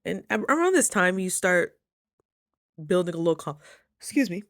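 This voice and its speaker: A young woman talking casually in a motivational vlog, chatty and animated, jumping high when she quotes people. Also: normal speed. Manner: chews while talking at times. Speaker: vlogger.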